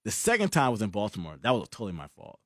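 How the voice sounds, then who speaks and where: Young man telling animated stories. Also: lowish voice, fast, breathy edge, dry recording, clean studio sound. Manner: animated storyteller, laughs often, lots of "like". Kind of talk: casual chat, storytelling.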